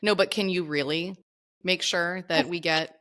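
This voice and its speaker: A woman co-hosting a podcast, reflective and quick to laugh in casual chat. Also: lowish voice, fairly even intonation, fairly bright tone. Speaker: podcast co-host.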